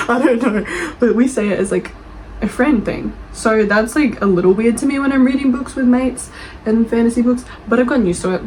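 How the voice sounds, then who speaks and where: Animated Australian woman reacting to reviews. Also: a little high, a little hiss or hum, rough recording. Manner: animated, defensive, quick to react, swears freely. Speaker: book reviewer and author. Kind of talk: casual chat reading reviews aloud.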